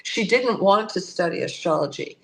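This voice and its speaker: Older woman, astrologer guest on a podcast, lively storyteller who voices her characters. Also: medium pitch, normal speed. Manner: animated, acts out voices in her stories. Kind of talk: conversational storytelling.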